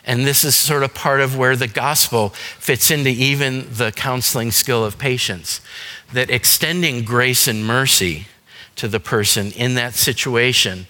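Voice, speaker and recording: Male seminar speaker, bright clear tone, conversational teaching, reverberant church hall. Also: mid-range voice. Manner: conversational, explanatory, with frequent "um" and "you know". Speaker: seminar speaker on dementia caregiving.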